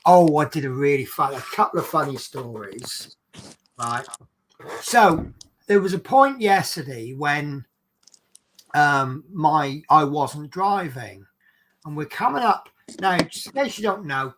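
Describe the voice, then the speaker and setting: A British man, a coach driver, casually telling funny anecdotes on a stream in a chatty, animated way, laughing along at his own stories. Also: on the high side, measured pace, rough recording. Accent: British English.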